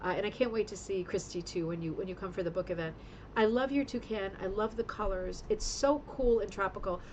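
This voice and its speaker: Woman hosting a crafty livestream, super gushy and rambly, mid pitch, home studio. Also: brisk, darkish tone, slight background noise, poor audio. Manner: gushing, effusive praise, rambling with fillers. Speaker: host of a rug hooking club livestream. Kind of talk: casual livestream show-and-tell. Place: home studio with green screen.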